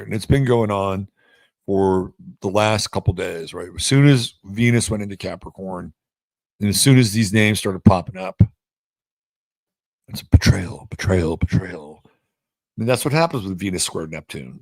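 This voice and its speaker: A man's voice: moderate pace, creaky, darkish tone, no room sound, studio quality. A man hosting an astrology forecast in a blunt, chatty way, now and then jumping into playful acted-out voices. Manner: blunt, chatty, acts out voices with big pitch swings. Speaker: astrology show host. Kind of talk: casual astrology forecast monologue.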